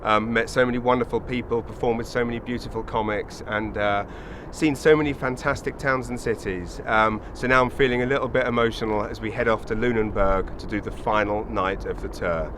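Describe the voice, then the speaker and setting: A man's voice: fairly low pitch, fairly even intonation, fairly quick, background noise. An English man doing stand-up comedy, brash and swearing as he teases the crowd, then chatting on the road as host. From England. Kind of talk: stand-up comedy and travel vlog. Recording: echoey, from far off, music behind.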